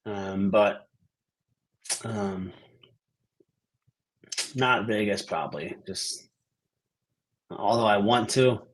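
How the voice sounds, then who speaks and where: A man's voice: lowish voice, extremely slow, long pauses. A man co-hosting a betting podcast in casual chat, hesitant and trailing off with many fillers. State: recovering from illness.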